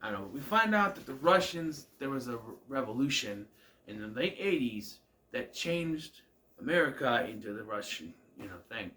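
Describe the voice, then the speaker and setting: A man talks through a TV episode in a loose, rambling recap. His voice swings up and down at a middle pitch as he muses and questions the plot. He trails off often and chuckles at the scenes. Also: sing-song, moderate pace, bright, forceful tone. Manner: musing, self-questioning, trails off with "I don't know"; laughs at the scenes. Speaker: TV episode reviewer.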